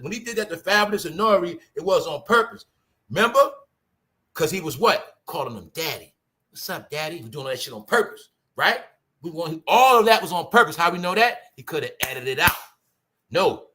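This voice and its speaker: Hosting a commentary show, this New York man dishes on celebrity gossip in a casual chat. His voice is high and bright, and he stays animated, calling his audience "y'all" and imitating other people's voices.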